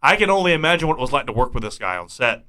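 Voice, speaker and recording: Bright-voiced amused man. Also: mid-range voice, very animated, racing. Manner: amused, laughing commentary. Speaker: podcast co-host. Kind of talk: casual movie-review chat.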